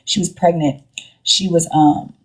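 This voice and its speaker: A young woman with a low voice chats into her phone on a live stream. She rambles through a story, slangy and loose, slipping into the voices of the people she quotes. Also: fairly even intonation, a little slow.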